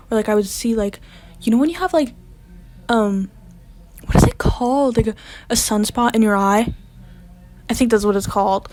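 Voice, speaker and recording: A woman's voice: fairly high pitch, darkish tone. A young woman vlogger telling a personal storytime in a casual, chatty way, full of "like" fillers, sometimes dropping to a whisper. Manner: chatty, lots of "like" fillers, drops to whispers when reliving panic.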